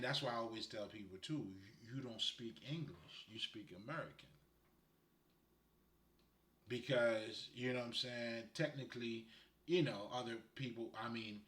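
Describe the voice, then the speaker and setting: A man's voice: medium pitch, fairly bright tone. A man from Haiti giving casual spiritual guidance, rambling and laughing often as he talks. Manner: laid-back, rambling, frequent laughter. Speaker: spiritual guide. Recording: roomy echo.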